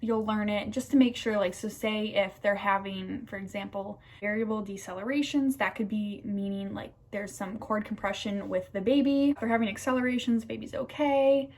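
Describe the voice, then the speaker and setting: A young American woman in her twenties chats through a personal story for her vlog. She gushes with enthusiasm, sprinkling in fillers and exclamations as she goes, in a voice of middling pitch. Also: steady tone, moderate pace, few pauses, a little mellow. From United States. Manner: gushing, enthusiastic, lots of fillers like "like" and "oh my gosh". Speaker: nursing student vlogger.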